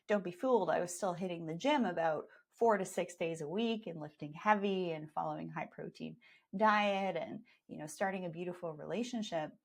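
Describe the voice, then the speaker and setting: Chatty Canadian woman hosting a podcast. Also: lowish voice. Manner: chatty, upbeat, promotional. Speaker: podcast host and skincare educator. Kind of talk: live podcast chat.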